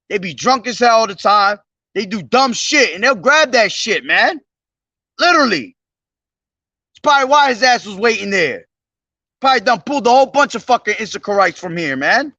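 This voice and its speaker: Agitated, high-voiced street preacher man. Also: no echo, distant mic, muffled recording. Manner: profane, agitated ranting between loud declaimed verses. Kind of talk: street preaching with scripture reading. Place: outdoors on a street.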